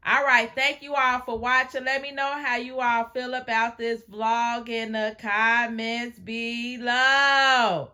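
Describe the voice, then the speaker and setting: A woman's voice: on the high side, little pitch movement, takes it slowly, hardly any pauses, pushed and bright. A woman hosting a reaction video, commenting on a clip in a sassy, teasing way.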